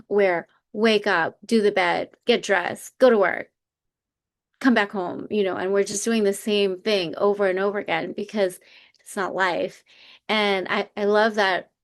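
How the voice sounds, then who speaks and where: A woman co-hosting a podcast, chatting casually and earnestly retelling a personal story. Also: mid-range voice. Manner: earnest, reflective, retells stories with animated quotes. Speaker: podcast co-host.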